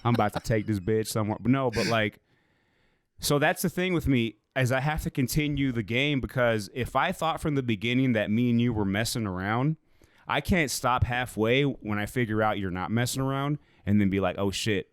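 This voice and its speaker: A man's voice: medium pitch, normal speed, clear, resonant tone, dry recording, studio quality. A man co-hosting a podcast, telling a story in a loose, rambling way and swearing freely. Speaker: podcast co-host. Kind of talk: casual storytelling chat.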